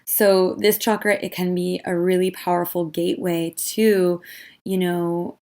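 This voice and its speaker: A woman's voice: on the low side, little pitch movement, measured pace. Earnest young woman hosting a podcast. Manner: warm, earnest, uses many fillers like "you know". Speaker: podcast host. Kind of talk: casual podcast talk.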